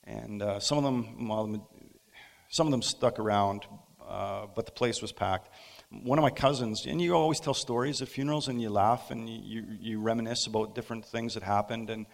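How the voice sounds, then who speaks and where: Male pastor, gravelly voice, halting storyteller with pauses, sermon in a reverberant church. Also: fairly low pitch. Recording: long hall reverb.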